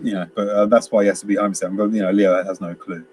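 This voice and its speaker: A man's voice: on the low side, level tone, fast talker, darkish tone, a little hiss or hum. A man, co-hosting a casual film review chat, rambling through scenes with quoted lines and frequent laughs. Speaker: podcast co-host.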